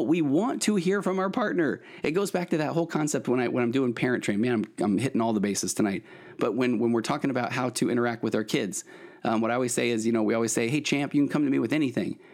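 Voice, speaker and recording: A man's voice: medium pitch, fast, darkish tone. A middle-aged man, a therapist hosting his podcast, giving earnest advice in a rambling way with many restarts. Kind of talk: solo podcast monologue, advice.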